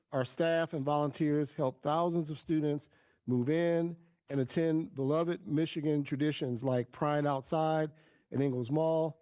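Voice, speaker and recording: Guy reading a campus report, higher voice but mellow, dry close sound. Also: no echo. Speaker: vice president for student life. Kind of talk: prepared report read aloud.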